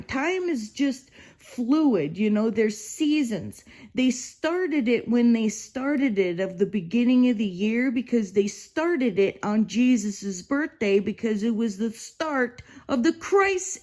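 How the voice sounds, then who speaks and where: Mellow-voiced woman in her fifties, rambling. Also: on the high side. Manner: rambling, exasperated, peppered with "you know". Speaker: vlogger. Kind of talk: casual rambling monologue.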